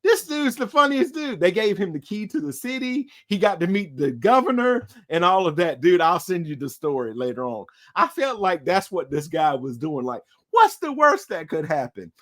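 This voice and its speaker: High lively voice, guy cohosting a movie podcast, jumps into funny voices while telling stories. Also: normal speed, few pauses. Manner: animated storyteller, acts out voices. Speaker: podcast co-host. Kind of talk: casual movie-discussion chat.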